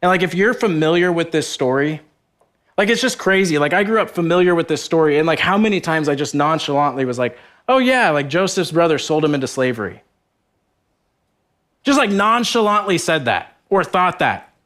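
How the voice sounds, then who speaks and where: A man's voice: lively intonation, a little fast, a bit bright. A young man preaching a sermon at a retreat, first reading scripture and then retelling it in a casual, earnest way, often saying "like" and acting out characters. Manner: earnest, conversational, heavy use of "like", acts out characters in a higher voice.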